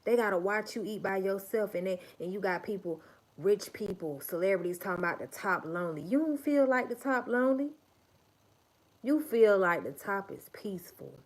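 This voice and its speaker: A woman's voice: mid-range voice, lively intonation, normal speed. A woman hosting a livestream, giving an emphatic, profane and repetitive motivational talk. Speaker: livestream host.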